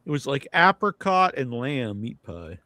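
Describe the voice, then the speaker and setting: A man's voice: mid-range voice, big pitch swings, unhurried, bright, forceful tone, no room sound, poor audio. A man hosting a casual live podcast chat, rambling with lots of filler words. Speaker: podcast host. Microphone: video call.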